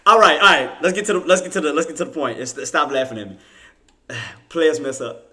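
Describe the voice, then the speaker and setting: A man's voice: on the high side, brisk, pushed and bright. Man giving casual live market commentary. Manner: laughing, apologetic, casual. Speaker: trading streamer.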